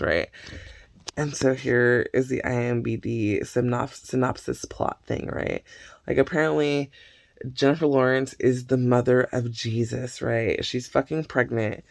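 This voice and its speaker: A man retells movie plots in a casual vlog rant, swearing at every turn and wandering off mid-sentence. His voice is thick with gravelly fry at a middling pitch. The sound is close and dry, with no room around it. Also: unhurried, no echo. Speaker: vlogger reviewing movies.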